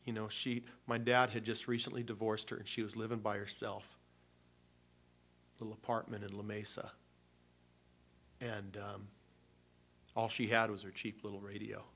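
A man's voice: lowish voice, level tone, normal speed, gravelly, pauses often, a bit bright. A man preaching before communion, telling a personal story in a loose, emotional way with many restarts. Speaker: pastor.

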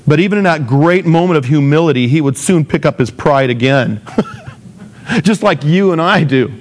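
A man's voice: fairly high pitch, expressive, moderate pace. A man preaching a sermon in a casual, conversational way, acting out the voices of the people he quotes. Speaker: pastor.

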